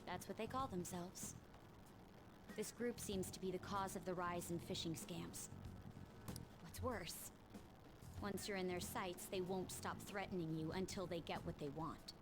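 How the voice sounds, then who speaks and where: An actress playing a stern teenage student council president in a video game, cool and commanding. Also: female voice, fairly low pitch, steady tone, measured pace, rough recording. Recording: game audio with music behind.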